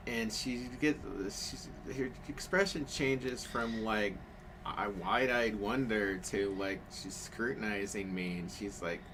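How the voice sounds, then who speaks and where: Low-voiced man telling a rambling story. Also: noisy background. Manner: rambling storytelling, many fillers and restarts. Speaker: storyteller on a craft stream. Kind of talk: casual chat.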